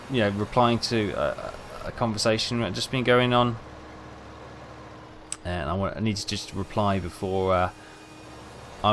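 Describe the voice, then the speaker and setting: Rambling man with a low voice. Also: a bit bright, slight background noise. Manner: rambling, self-mocking storyteller. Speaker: gaming video host. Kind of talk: casual commentary over gameplay.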